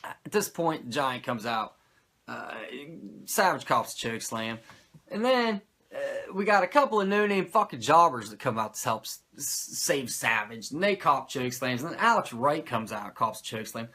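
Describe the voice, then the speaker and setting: A man's voice: mid-range voice, sing-song, moderate pace, sharp tone. Profane, sarcastic man recapping casually. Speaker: podcast host recapping wrestling. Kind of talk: casual chat.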